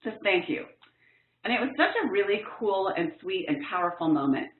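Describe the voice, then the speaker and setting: A woman trainer telling a personal story in a workshop talk, earnest and expressive with lively emphasis. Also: medium pitch, fast talker, a little hiss or hum. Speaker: professional development trainer. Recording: echoey, tinny phone-like line.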